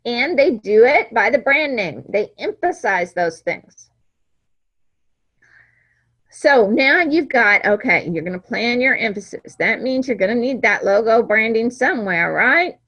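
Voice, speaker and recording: A woman's voice: a little high, fairly bright tone, dull audio. A woman teacher giving a classroom lecture, talking conversationally and checking understanding with frequent "right?".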